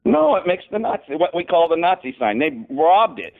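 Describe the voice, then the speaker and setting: A man's voice: on the high side, sing-song, moderate pace, vocal fry. A man joining a livestream remotely, chatting casually and insistently explaining his point. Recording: tinny phone-like line.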